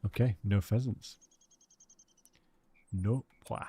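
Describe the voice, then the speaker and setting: A man's voice: lowish voice, fairly even intonation, slow pace, warm tone, slightly rough. A British man live-streaming a hunting game, chatting casually with his viewers and greeting them by name.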